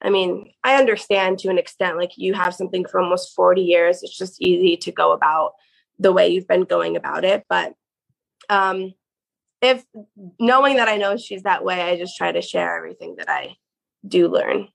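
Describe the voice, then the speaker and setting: A woman's voice: on the low side, fairly even intonation, moderate pace, vocal fry, rough recording. A woman guest telling her story in a casual, chatty way, full of "like" fillers. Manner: chatty, peppered with "like". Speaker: podcast guest.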